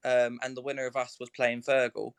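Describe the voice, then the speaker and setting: A man's voice: medium pitch, completely flat delivery, brisk, gravelly, clean tone, no room sound. Young man rambling, dry sound. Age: young adult. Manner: rambling, full of fillers and restarts. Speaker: snooker professional guest. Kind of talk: casual live chat.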